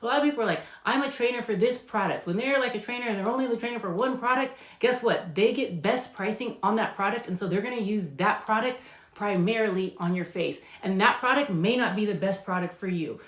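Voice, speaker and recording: Fairly quick and mid-range, a woman nurse practitioner chats through viewer questions on a live stream. Emphatic, packed with fillers, and fond of acting out patient dialogue, she's recorded in an echoey room.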